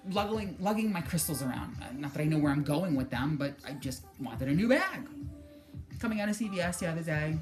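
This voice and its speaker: A woman with a fairly low voice talks straight to camera about spirituality. She rambles, jokes and curses without restraint. She breaks into little acted reactions as she goes, with faint music under her. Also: animated, quick pace. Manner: chatty, joking, swears freely, acts out her own reactions. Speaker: spiritual motivation vlogger. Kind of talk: casual spiritual talk to camera.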